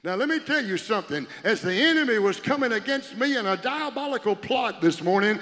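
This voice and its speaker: A male pastor preaching a sermon to a congregation, swinging from loud preaching to a hushed near-whisper and calling on the people to respond. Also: high-pitched, lively intonation, fairly quick, hardly any pauses. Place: church. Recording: long reverb of a church hall.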